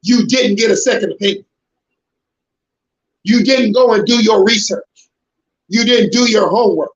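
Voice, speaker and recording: A man preaching to a congregation in an emphatic, confrontational way, breaking into shouted bursts. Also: high-pitched, moderate pace. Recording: roomy, dull lo-fi sound.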